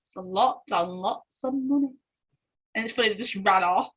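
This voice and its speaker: A woman's voice: mid-range voice, normal speed, fairly bright tone, slightly rough, poor audio. A young woman, chatting casually as she goes through quiz answers and laughing often. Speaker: quiz host.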